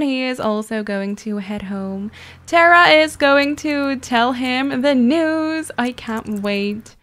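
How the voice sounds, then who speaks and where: A woman giving casual gameplay commentary, gushing and excitable, often squealing and laughing over cute moments. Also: high voice. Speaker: gaming channel host.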